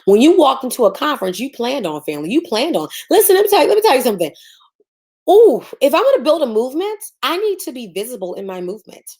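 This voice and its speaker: Woman coach, gravelly voice, sassy and preachy, livestream teaching. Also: high-pitched, sing-song, fast, darkish tone. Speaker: business coach.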